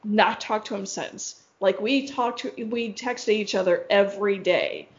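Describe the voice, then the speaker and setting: A woman's voice: mid-range voice, measured pace, dull audio. A woman hosting a podcast, telling a story in a casual, rambling way with plenty of fillers and frank swearing. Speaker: podcast host.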